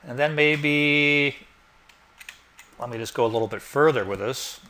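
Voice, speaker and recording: A man walks through a design software tutorial in a relaxed, explanatory way, narrating each click as he goes. His voice is bright and forward, sitting at a middle pitch. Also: unhurried. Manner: relaxed, explanatory, thinking aloud with fillers. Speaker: instructor. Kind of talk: screen-recorded software tutorial.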